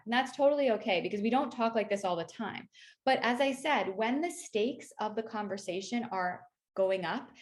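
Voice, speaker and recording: A woman leading a workplace workshop, speaking in a conversational coaching tone and often checking in with "right?" and "you know.". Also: fairly high pitch. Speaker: workshop facilitator. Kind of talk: online workshop presentation.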